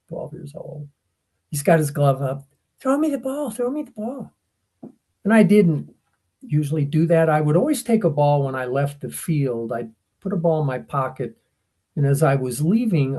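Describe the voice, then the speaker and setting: An older American man co-hosts a podcast, his mid-range voice carrying vocal fry and a breathy edge. He tells stories in a casual, animated chat, acting out the voices of the people in them.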